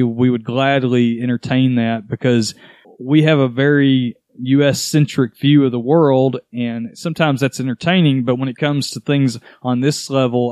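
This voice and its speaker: A man appearing as a historian guest on a podcast, speaking in a thoughtful, measured way in casual chat. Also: mid-range voice, darkish tone, clear, resonant tone, no room sound, studio quality.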